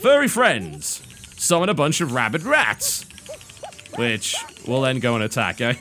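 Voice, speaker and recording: A man's voice: medium pitch, wildly swooping pitch, a little slow, sharp tone. Dry, sardonic British man reviewing games. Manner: dry, sardonic, self-mocking. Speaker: game reviewer. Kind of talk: game review commentary over gameplay.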